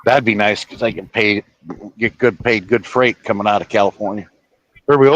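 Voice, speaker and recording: A man's voice: fairly low pitch, fast, a bit bright, no room sound, muffled recording. A man who drives a truck, chatting casually on a live stream from his truck cab, rambling through stories with swearing and false starts. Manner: storytelling with swearing and restarts.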